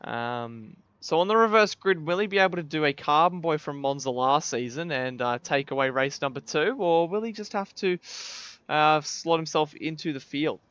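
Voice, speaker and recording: A man commentating a sim race, calling the action play by play and building to excited shouts at big moments. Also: a little high, normal speed, clear, resonant tone, dry recording. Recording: slightly dull lo-fi mic with faint noise.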